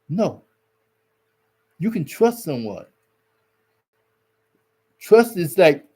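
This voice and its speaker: A man with a fairly high but mellow, warm voice delivers religious relationship advice. He talks in a folksy, exhorting way, hammering points home by repeating his words. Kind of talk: preachy religious advice talk.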